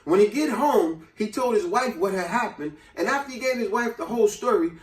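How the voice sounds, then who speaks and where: A man with a fairly high voice tells a fable in casual talk, jumping into the characters' voices as he goes. The sound is roomy, and the mic sits some way off. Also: a little fast. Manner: animated storyteller acting out characters' voices. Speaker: host. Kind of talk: casual storytelling and advice. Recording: echoey room, mic at a distance.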